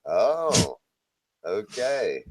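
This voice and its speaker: A man with a Southern American accent chatting casually on a video call, friendly and encouraging, with a relaxed, lazy drawl. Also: lowish voice, drawn-out words, background noise. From Southern United States. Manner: friendly, encouraging, admits to drawling lazily when tired. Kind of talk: casual chat on an online video hangout.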